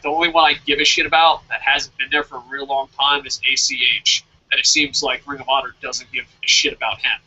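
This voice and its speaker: A man co-hosting a wrestling review show, swearing constantly and working himself up into shouted rants. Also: mid-range voice, husky, dull audio. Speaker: wrestling podcast co-host. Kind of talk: profane ranting review.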